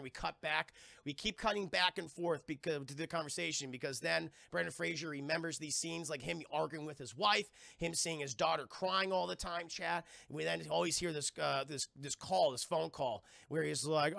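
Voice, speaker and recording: Animated man, high gravelly voice, casual streamer recap, dry close mic. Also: moderate pace, hardly any pauses, dry recording. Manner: animated, swearing, acts out quoted lines, addresses chat. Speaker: TV review streamer.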